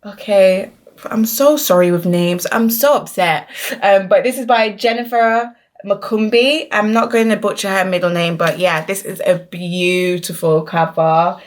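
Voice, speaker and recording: A woman's voice: mid-range voice, steady tone, unhurried. A young woman in her twenties chatting casually through a book unboxing vlog, trailing off with frequent ums and restarting her sentences. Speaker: book vlogger. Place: at home.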